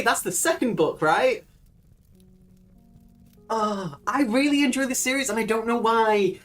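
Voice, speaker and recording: A woman's voice: medium pitch, a little slow, faint music behind. A woman hosting a casual livestream, chatting freely, laughing often and swearing casually. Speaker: livestream host.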